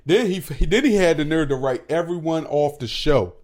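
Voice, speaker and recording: A man's voice: a little high, animated, normal speed, a little mellow. A man co-hosting a podcast from home, chatting casually, profane and laughing often. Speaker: podcast co-host. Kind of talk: casual chat.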